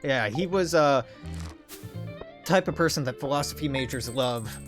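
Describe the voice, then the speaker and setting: A man at his home streaming desk talks through a game in a loose, rambling way. He swears freely and wanders off topic in a mid-range, unremarkable voice. Quiet game music plays faintly in the background. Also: medium pitch, animated, moderate pace. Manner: rambling, digressive and profane. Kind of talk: casual rambling gameplay commentary.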